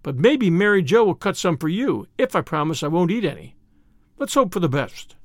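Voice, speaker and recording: A man's voice: sits high, big pitch swings, normal speed, no room sound, studio quality. A man reading the part of an eager, earnest little boy with polite, old-fashioned speech.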